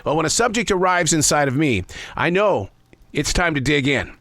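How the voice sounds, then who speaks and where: Lively older man with a folksy delivery. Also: a little high, normal speed, no room sound. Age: 60s. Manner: folksy, conversational, playful asides. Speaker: host. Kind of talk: scripted spoken essay. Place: living in the American South.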